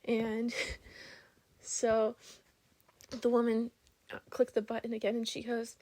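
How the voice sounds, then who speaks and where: A woman's voice: on the high side, level tone, a little slow, pauses often, a little mellow, dry recording. A young adult woman vlogging casually, telling stories in a rambling, chatty way full of fillers and giggles. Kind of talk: casual storytelling vlog.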